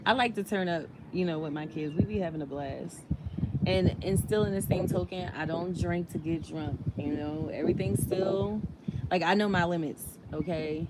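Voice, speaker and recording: A woman's voice: on the low side, moderate pace, heavy background noise. A woman vlogger chatting casually while eating, in a laid-back, chatty way.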